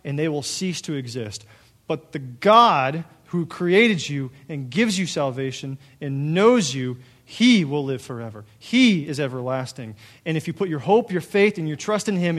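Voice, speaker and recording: A young man preaching a sermon as a pastor, conversational and animated, full of rhetorical questions. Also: high voice.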